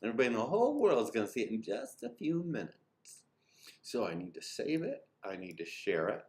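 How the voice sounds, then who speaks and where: A man's voice: medium pitch, big pitch swings, fast, darkish tone, slightly rough. A man hosting his own live stream, chatting to himself as he edits, close on his mic with headphones on. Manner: chatty, talks to himself as he works. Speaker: video creator and host. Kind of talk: live-stream commentary while editing. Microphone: headphones on, mouth close to the mic.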